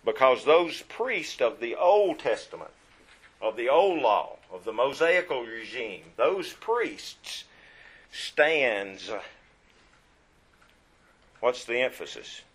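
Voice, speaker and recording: A man preaching a sermon in church. He reads scripture aloud, quizzes the congregation, and swings from hushed asides to emphatic lines. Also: medium pitch, very animated, takes it slowly, pauses often, husky.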